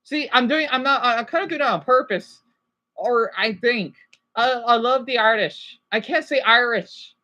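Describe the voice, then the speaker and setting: Her voice is fairly high, bright and forceful at a normal speed, though the audio sounds dull. She's an American woman from Arizona delivering a rambling livestream rant over a basic home setup, hammering her points with "okay?" again and again.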